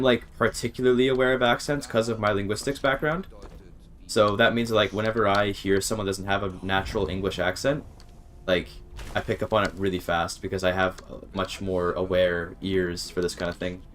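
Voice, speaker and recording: A man's voice: fairly low pitch, steady tone, normal speed, a bit bright. A man streaming a video game, chatting casually with his viewers, swearing and restarting sentences when frustrated. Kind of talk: casual gaming livestream commentary.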